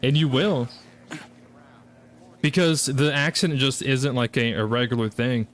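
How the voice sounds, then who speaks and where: A man's voice: mid-range voice, steady tone, measured pace, a little hiss or hum. Chatty Southern US man, rambling. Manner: rambling, chatty, many fillers and restarts. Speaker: gaming streamer. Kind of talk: casual live-stream chat while gaming.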